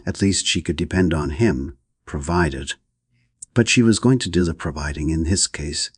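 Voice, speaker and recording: A man with a very deep, husky voice reads a novel aloud for an audiobook at normal speed. His scripted narration is steady and even, recorded close and dry without any room echo.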